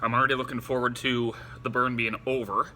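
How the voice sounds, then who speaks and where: Bright-voiced man suffering through spicy food. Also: mid-range voice, little pitch movement, a little hiss or hum. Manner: halting, breathless exclamations between short remarks. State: eyes watering, nose running, in pain from spice. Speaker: vlogger doing a spicy food challenge. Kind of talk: casual on-camera commentary.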